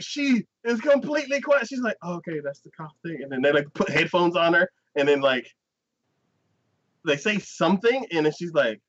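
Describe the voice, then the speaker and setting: On a casual anime review podcast, a male co-host retells scenes, acting out each character as his pitch leaps around, often saying "like". His voice is bright and forward, though the recording sounds dull and lo-fi.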